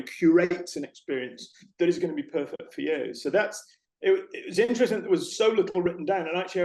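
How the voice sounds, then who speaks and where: Man, lively storyteller, echoey room. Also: fairly high pitch. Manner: animated storyteller, acts out shop conversations. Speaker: interview guest, former retail manager. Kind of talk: conversational interview.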